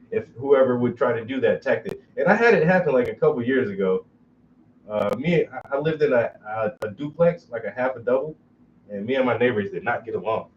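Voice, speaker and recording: A man's voice: medium pitch, a little hiss or hum. A man hosting a casual chat, talking bluntly and profanely and laughing often. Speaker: host. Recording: dull, muffled recording.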